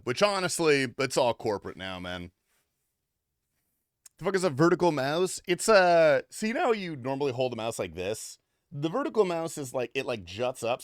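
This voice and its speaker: A man streams a game and chats casually with his viewers, crude, offhand, and swearing freely. His medium-pitched voice is very animated at a moderate pace, in a dry, clean studio recording.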